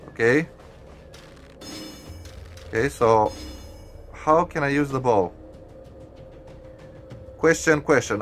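A young man giving casual gameplay commentary, excitable and profane, stuttering and restarting, with sudden high yelps. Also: slow pace, pauses often, faint music behind.

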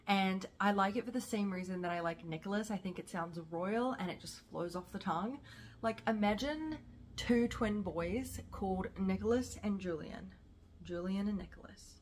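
A young woman with a New Zealand accent talks to the camera in a relaxed, gushing vlog chat. Her voice sits a little low for a woman, and she sounds enthusiastic and talkative. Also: a little hiss or hum. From South Africa. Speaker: vlogger.

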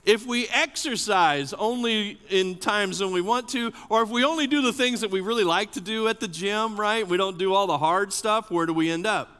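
A man preaching a sermon as an associate pastor, animated and often asking the congregation questions. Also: sits high, normal speed, few pauses, smooth. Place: church sanctuary. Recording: long church reverb.

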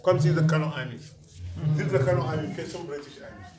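A man's voice: a little high, fast talker, over a noisy crowd. A man leading a guided museum tour in broken English, often checking whether his listener understands. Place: indoor museum galleries.

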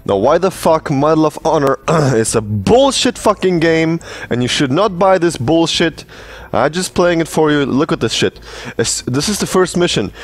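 A man with a slightly higher voice rants his way through a gameplay commentary. He curses constantly and mocks everything on screen with heavy sarcasm. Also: sing-song, normal speed. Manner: profane, sarcastic ranting. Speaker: gaming channel host.

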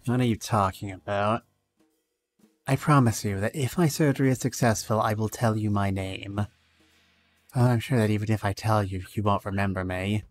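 A male streamer reading both sides of a game's dialogue aloud, with some lively rises. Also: fairly low pitch, normal speed, faint music behind.

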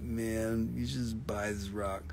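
A man voicing a dull, laid-back male rock seller who drones slowly and flatly, a bit away from his phone. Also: fairly low pitch, creaky, pitched below the performer's own voice. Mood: bored. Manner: slow flat droning.

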